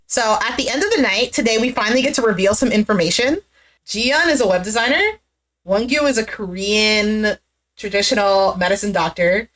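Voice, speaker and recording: Woman w a slightly high voice doing a loose chatty recap, acts out quotes, swears a bit. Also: fairly quick, a bit bright. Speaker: reality show reviewer. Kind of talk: casual recap commentary.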